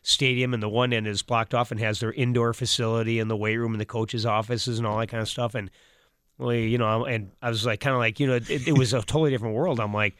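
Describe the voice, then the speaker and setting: A man who coaches high school football, talking casually as a radio co-host and telling long rambling stories. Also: steady tone, fairly bright tone, clean tone, no echo, studio quality. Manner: rambling, quick storyteller.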